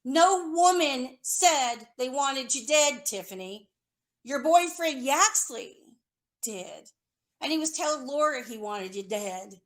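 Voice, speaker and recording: Speaking slowly but animatedly in a high, fairly bright voice, a woman rips into someone. Her rant is furious and confrontational, full of accusations, sarcasm and liberal swearing.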